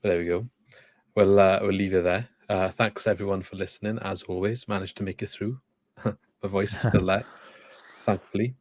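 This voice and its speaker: A man hosting a football podcast, chatting casually in loose, relaxed sentences. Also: sits low, fairly quick, no room sound, clean studio sound. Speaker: podcast host.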